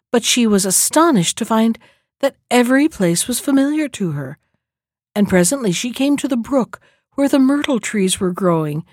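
A woman reading a fairy tale aloud in a calm, measured storybook manner. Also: fairly high pitch, dry recording, studio quality.

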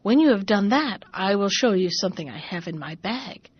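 A woman's voice: medium pitch, animated, moderate pace, husky, no echo. A woman voicing a grumbling, scheming middle-aged man in a raised, blustering, demanding storybook voice, in a dull lo-fi recording.

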